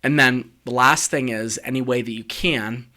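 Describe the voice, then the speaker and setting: A middle-aged man, an executive communication coach, giving direct conversational advice with lively asides. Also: medium pitch, moderate pace. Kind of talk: coaching talk, advice on eulogies.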